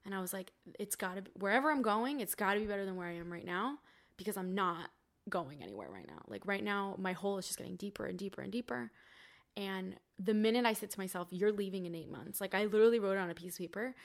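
A woman's voice: medium pitch, fast, creaky. A young woman, a podcast guest, telling her story in a candid, casual way, swearing freely and saying "like" a lot. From Cuban family.

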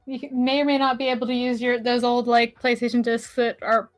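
Young woman cohost tossing in quick playful bits, a bit high voice, faint music under. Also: level tone. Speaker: podcast co-host. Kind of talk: casual chat.

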